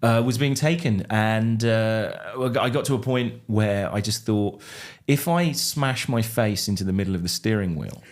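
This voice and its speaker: A man's voice: on the low side, normal speed, few pauses. A middle-aged man from England, a comedian guest, telling wry, self-deprecating stories in a casual podcast chat.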